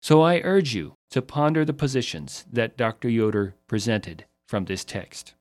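A man's voice: medium pitch, moderate pace. A man giving closing remarks after a sermon, speaking sincerely and appealing personally to the listener. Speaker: radio announcer.

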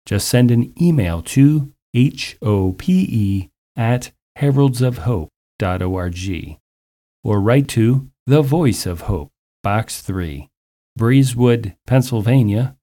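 A man hosting a radio ministry program, telling a story and giving announcements in an earnest, measured way. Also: mid-range voice, animated, mellow. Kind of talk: scripted radio ministry narration.

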